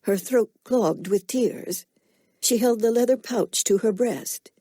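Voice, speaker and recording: A woman narrating an audiobook in a measured, unhurried storytelling manner. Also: fairly high pitch, warm tone, husky, no room sound, studio quality. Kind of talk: scripted narration.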